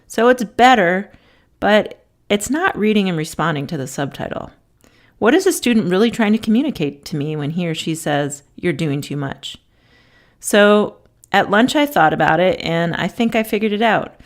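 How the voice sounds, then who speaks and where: A woman's voice: medium pitch, moderate pace. A middle-aged woman teacher giving an instructional talk, telling classroom stories with acted-out quotes. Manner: lively anecdotes with acted-out quotes.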